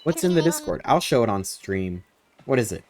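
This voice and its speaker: A man's voice: mid-range voice, very animated, moderate pace, darkish tone, slight background noise. A man streaming a game, playful and jokey as he chats with his viewers. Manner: playful and jokey, chatting with chat. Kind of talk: casual gameplay commentary. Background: game music.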